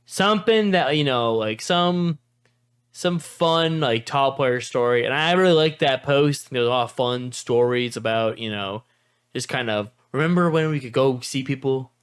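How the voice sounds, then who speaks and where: A man's voice: medium pitch, moderate pace, clear, resonant tone. A man hosting a casual podcast, putting upbeat questions to his co-hosts. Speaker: podcast host.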